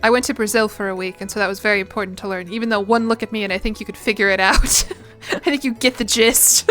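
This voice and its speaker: Faint music sits behind this American streamer in her twenties, who talks fast in a medium-pitched voice that sounds pushed and bright. She rambles casually while gaming and curses occasionally.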